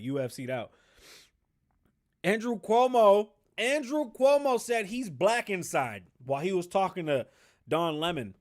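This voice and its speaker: A man hosting a podcast alone, ranting casually and profanely in animated commentary. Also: fairly high pitch. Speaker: podcast host.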